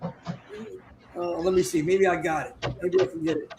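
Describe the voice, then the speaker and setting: High-voiced excitable male podcast host. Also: normal speed, noisy background. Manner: excitable, flustered, talks over others. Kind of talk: casual live-stream chat.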